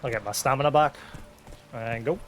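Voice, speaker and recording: A man's voice: mid-range voice, moderate pace, a little hiss or hum. Man casually commenting on gameplay. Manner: chatty, explaining, filler-heavy. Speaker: game streamer.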